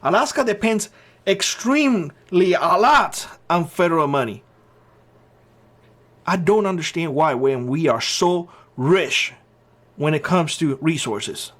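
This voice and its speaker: A man's voice: fairly high pitch, animated, slow pace, a bit bright. A man hosting his own channel, giving blunt opinion commentary and hammering his points by repeating short phrases. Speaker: channel host.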